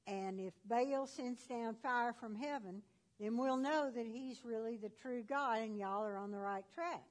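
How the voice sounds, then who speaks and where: A woman's voice: fairly high pitch, unhurried, lightly acted. A woman telling a Bible story who voices a bold, confident male prophet in a plain storytelling voice. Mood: instructing.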